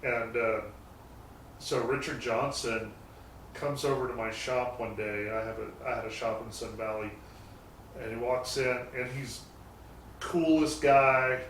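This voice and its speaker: A guest who owns a garage shop tells loose, meandering anecdotes about it in casual chat, with mild swearing now and then. His medium-pitched voice is steady, unhurried and a little bright. He sits far from the mic in a roomy, noticeably echoing garage, over a faint hum of noise.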